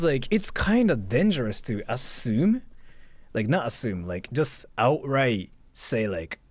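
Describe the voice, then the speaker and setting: A young male streamer tells a story in a loose, rambling way, stacking up "like" as he goes. His pitch swings a lot, and the sound is close and dry with no room echo. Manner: rambling, filler-heavy with frequent "like". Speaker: livestreamer reading donations. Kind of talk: casual storytelling.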